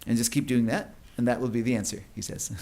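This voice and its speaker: This conference speaker has a mellow, mid-range voice, a steady tone and a brisk pace. He lectures academically at length, often using fillers and starting his sentences over.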